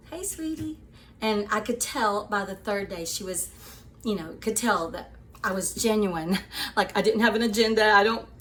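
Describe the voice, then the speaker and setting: A woman's voice: medium pitch, slight background noise. Chatty woman host telling a story. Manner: chatty and animated, laughs often, calls listeners "sweeties". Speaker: show host. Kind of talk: personal storytelling to viewers.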